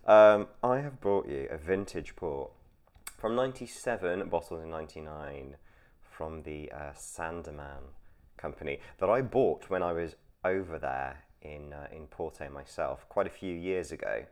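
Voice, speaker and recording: A chatty man hosts a casual trivia podcast. His voice sits very low, and he explains things at length with easy laughter. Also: a little slow. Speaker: podcast host.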